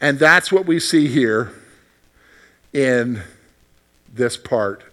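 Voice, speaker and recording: A man teaching a Bible study lesson in a conversational way, asking his class questions and growing animated when he voices God's words. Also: medium pitch, drawn-out words.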